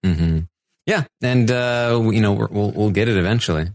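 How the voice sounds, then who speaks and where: A man co-hosting a podcast in casual chat, relaxed and hesitant, with many fillers. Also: fairly low pitch, normal speed, dry recording, clean studio sound. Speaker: podcast co-host.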